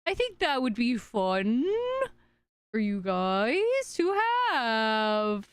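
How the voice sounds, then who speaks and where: A high, bouncy-voiced woman chats casually to her stream while hunting through her settings, muttering to herself. She talks very slowly, and her voice comes through smooth and clear. The sound is dry and close to the mic. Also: sing-song, dry recording. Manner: scattered, talking to herself and chat while searching settings. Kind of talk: casual live-stream chat.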